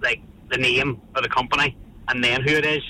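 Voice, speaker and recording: Dry caller, bright voice. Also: male voice, medium pitch, fairly even intonation, fairly quick, low-quality recording. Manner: dry, joking. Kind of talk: casual phone chat. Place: car, driving. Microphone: phone.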